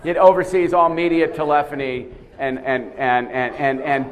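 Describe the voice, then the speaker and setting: A man leading a lively seminar quiz, putting questions to a live audience and often repeating himself as he goes. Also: medium pitch, moderate pace. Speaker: seminar speaker running a quiz. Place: conference room with a live audience.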